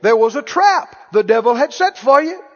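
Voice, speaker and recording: A man's voice: very high voice, animated, moderate pace. A male preacher delivering a sermon, exhorting and quizzing his congregation. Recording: dull lo-fi, echoey hall.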